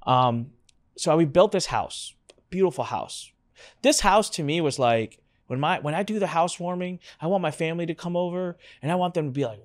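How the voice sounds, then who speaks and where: A male podcast host with a slightly high, very lively voice that swoops up and down as he tells a story. He acts out his relatives' reactions in an animated, casual way. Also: a little fast, dry recording, clean studio sound.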